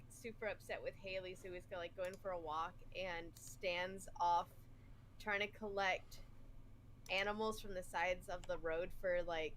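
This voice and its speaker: A woman excitedly retelling a cartoon scene, doing little voices, in casual chat over online voice chat. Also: fairly low pitch, slight background noise. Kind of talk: casual chat on a game stream.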